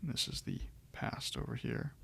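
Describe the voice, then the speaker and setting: A man's voice: moderate pace, fairly bright tone. A man teaching Greek grammar in a recorded lecture, explaining step by step with frequent ums and restarts.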